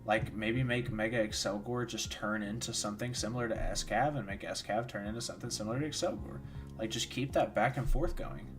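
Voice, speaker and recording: A man's voice: on the low side, fairly even intonation, fairly quick, over music. Tired young guy chatting on stream. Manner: rambling, many fillers, reads and answers chat. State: tired, yawning. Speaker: streamer hosting a watchalong. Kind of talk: casual livestream chat and commentary.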